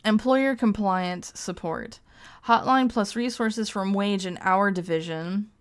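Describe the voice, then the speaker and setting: Speaking slowly in a clear, resonant, mid-range voice, a woman streamer reads text aloud. Her casual live-stream commentary is broken up by crude, joking asides and lots of laughter.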